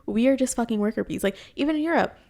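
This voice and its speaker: A woman's voice: on the high side, lively intonation, fast, darkish tone. A young American woman co-hosting a podcast, chatting casually in an emphatic way and swearing often. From United States. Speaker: podcast co-host. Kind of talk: casual chat.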